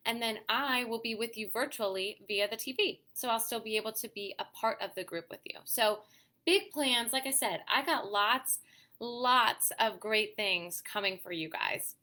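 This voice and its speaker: A woman's voice: on the high side, moderate pace, sharp tone. A woman hosting a casual livestream for moms, chatty and encouraging, reading out viewer comments. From Pittsburgh area, USA. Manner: chatty and encouraging, often adds "okay?" and "you know". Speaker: host of a mom community livestream.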